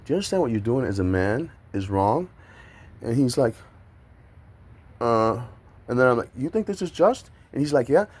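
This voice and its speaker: A man's voice: mid-range voice, lively intonation, normal speed, pauses often, a little mellow, breathy edge. A man angrily retelling being handcuffed, swearing constantly and acting out the voices of everyone involved. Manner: agitated, profane, mimics voices while retelling. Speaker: man detained by police. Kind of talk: heated recounting of an arrest. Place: outdoors by a street.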